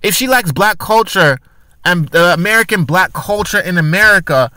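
A man's voice: high voice, expressive, normal speed, pushed and bright, no room sound. A man giving casual opinion commentary for his channel, arguing his point with rhetorical questions and frequent restarts. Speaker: commentary vlogger.

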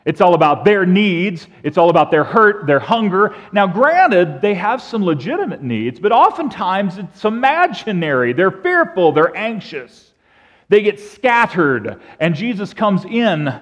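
A man's voice: high-pitched, very animated, unhurried. A man preaching a sermon as pastor, telling stories animatedly and acting out the bleats and calls of sheep. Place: church sanctuary. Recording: dull sound with long church reverb.

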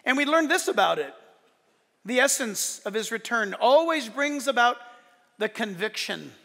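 A man preaching in a very high, bright voice that rings through a large hall. His delivery is emphatic and animated. He breaks off into joking asides before driving his point home again. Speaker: pastor. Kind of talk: sermon. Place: church sanctuary during a service. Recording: long reverb of a large hall.

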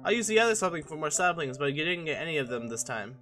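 A man's voice: fairly high pitch, big pitch swings, fast, pushed and bright. A young man giving a casual, joking and self-mocking voice-over on his own gameplay footage. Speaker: gaming channel host.

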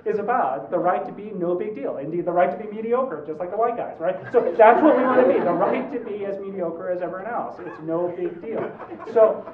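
A man in his forties, a law professor giving a conversational lecture, animated and joking, with quick asides. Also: high voice, crowd noise. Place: large lecture hall. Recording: roomy, distant, dull hall recording.

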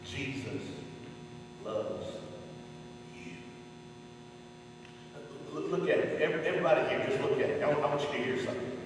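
A man's voice: on the high side, steady tone. Man preaching in an echoey hall. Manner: swings from hushed pauses to shouted climaxes. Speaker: evangelist preacher. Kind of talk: sermon at a revival rally. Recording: echoey hall from far off, noisy.

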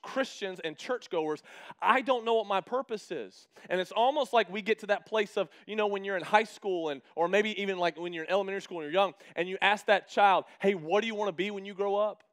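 A male pastor in his thirties with a high-pitched voice tells stories in a loose, conversational sermon. He jokes with the congregation and plays out both sides of his quoted exchanges. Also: brisk, a bit bright. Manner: chatty and humorous, acting out quoted exchanges. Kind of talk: casual storytelling sermon.

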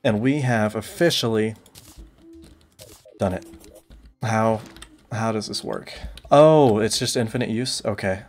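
Lower-voiced young man, deadpan gamer. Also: a little slow, pauses often, faint music behind. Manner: deadpan absurd jokes, mock complaints. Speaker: streamer playing a video game. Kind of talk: casual gameplay commentary.

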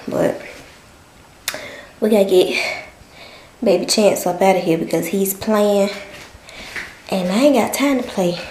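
A woman's voice: medium pitch, darkish tone, echoey room, slight background noise, poor audio. A pregnant woman, chatting to her viewers in a casual vlog, out of breath from working out at home. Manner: chatty, addresses viewers as y'all. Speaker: vlogger. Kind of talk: casual vlog chat to camera. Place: bedroom in her mother's house.

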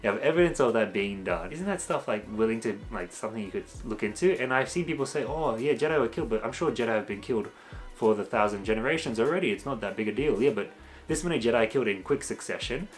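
Man, casual spoken review, ranting, sarcastic asides, medium pitch, soft music bed. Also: lively intonation, fast talker. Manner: ranting, exasperated, mocks characters in quoted asides. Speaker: video reviewer.

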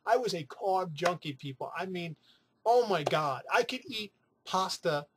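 A man's voice: sits high, animated, unhurried, background noise. A man from New City, chatting casually to camera in a rambling, profane way with playful asides. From New York City. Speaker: weight-loss vlogger.

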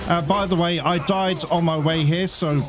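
A man's voice: on the high side, steady tone, moderate pace. A man commenting on his own gameplay, getting frustrated and swearing at a boss he can't beat. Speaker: let's play gamer.

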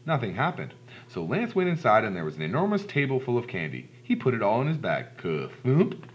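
A man reading a children's storybook aloud in an expressive, animated way. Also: medium pitch, quick pace, a little hiss or hum. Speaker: storybook reader. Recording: dull lo-fi recording.

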